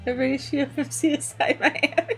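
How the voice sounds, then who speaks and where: A woman's voice: sits high, fairly even intonation, moderate pace, creaky, fairly bright tone, soft background music. A woman chatting casually while playing a game, giggly and teasing. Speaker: game player. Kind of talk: casual let's-play banter.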